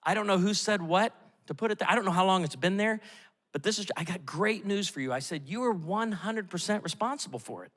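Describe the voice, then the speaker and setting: A middle-aged man preaching a sermon as pastor, animated and storytelling, acting out the voices he quotes. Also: sits high, fairly quick. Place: large church auditorium. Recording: long hall reverb from a church auditorium.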